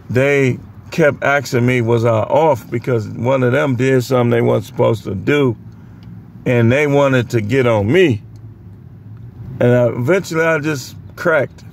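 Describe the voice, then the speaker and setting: A young man casually telling work stories to the camera, animated and full of voice impressions. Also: medium pitch, a little slow, vocal fry, slight background noise. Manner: animated, imitates other people's voices mid-story. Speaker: vlogger. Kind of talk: casual storytelling.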